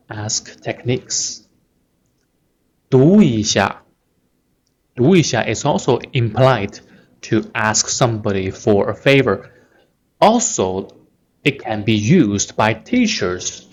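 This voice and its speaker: A man's voice: lowish voice, dull audio. A man teaching a language lesson, explaining patiently and checking in often with "right?".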